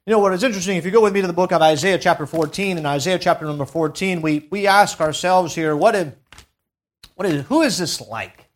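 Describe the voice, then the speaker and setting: High-voiced man preaching emphatically. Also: fast talker, hardly any pauses. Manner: emphatic, swells and drops in volume; asks the congregation to fill in words. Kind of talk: sermon.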